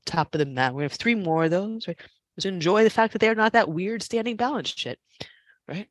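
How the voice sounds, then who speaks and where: A yoga instructor calling out a class with casual, joking asides and an occasional swear, often dropping to hushed, near-whispered breath cues. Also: medium pitch, animated, normal speed, pauses often, dry recording.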